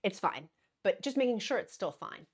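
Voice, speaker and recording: A woman's voice: medium pitch, sing-song, normal speed, husky. A woman hosting her daily vlog, talking earnestly and encouragingly to viewers, with frequent restarts and little laughs. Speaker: vlogger hosting a daily show. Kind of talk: casual direct-to-camera vlog talk.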